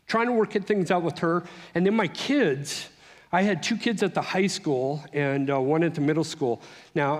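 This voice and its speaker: A middle-aged man speaks at a conference, sharing his own story in an animated, conversational way that often breaks off and restarts. His voice sits a little higher than most men's. A long hall reverb trails after his words. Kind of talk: personal testimony speech.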